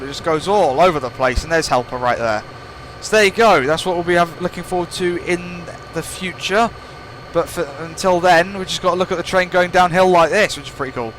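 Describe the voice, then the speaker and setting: Chatty young man, slightly high voice. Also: fairly bright tone, slight background noise. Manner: rambling, playful, self-mocking. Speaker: gaming channel host. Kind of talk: gameplay commentary.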